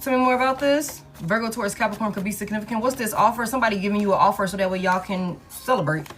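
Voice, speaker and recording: A woman's voice: mid-range voice, fast, faint music behind. Blunt, salty-mouthed woman tarot reader. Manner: blunt, profane and emphatic; talks to the cards and repeats her points. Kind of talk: collective love tarot reading.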